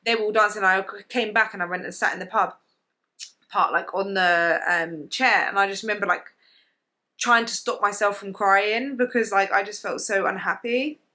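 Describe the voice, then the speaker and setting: A woman's voice: mid-range voice, moderate pace, pushed and bright. A young British woman telling a personal story to camera in a casual, emotional way, full of "like" fillers. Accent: British English. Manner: emotional, confiding, lots of "like" fillers. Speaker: vlogger.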